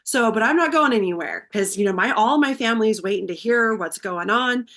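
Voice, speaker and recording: Heartfelt, expressive woman telling a personal story. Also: on the high side, fairly quick. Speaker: podcast guest.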